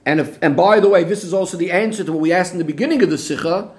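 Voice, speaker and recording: Guy a high voice teaching a torah text, keeps asking why and answering himself. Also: rapid-fire. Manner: questioning, methodical, rhetorical back-and-forth. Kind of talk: Talmudic-style text analysis lesson.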